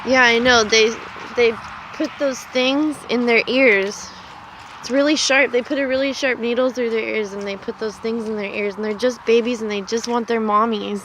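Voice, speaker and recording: A woman's voice: fairly high pitch, steady tone, moderate pace, fairly bright tone, a little hiss or hum. A woman, a mother and vlogger, talking tenderly and with distress to her child outdoors on a cold farm. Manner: tender, upset, pleading. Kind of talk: emotional outdoor vlog talk to her child.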